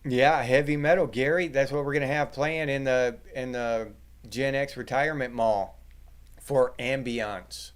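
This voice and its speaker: A middle-aged man with a medium-pitched voice hosts a livestream, reading chat and talking casually with viewers. He jokes crudely and swears a lot, keeping a steady tone at a normal speed.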